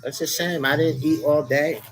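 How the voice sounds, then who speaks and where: A man's voice: on the high side, steady tone, normal speed, low-quality recording. A man chatting with viewers on a casual phone live stream from his bed, rambling, annoyed and profane while sweet-talking his audience. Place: in bed at home under a cover. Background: faint music from another room.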